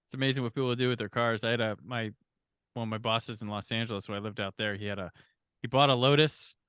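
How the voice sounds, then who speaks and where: Man, podcast host, casual chat, bright voice, dry close sound. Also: mid-range voice, quick pace, clean tone, dry recording. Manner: relaxed, agreeable, lots of fillers.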